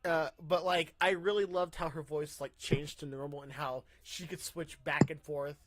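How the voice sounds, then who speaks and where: A young man hosting a casual podcast, rambling and excitable, ranting and laughing into a mic run through a soundboard. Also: fairly high pitch, normal speed, background noise. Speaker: podcast host.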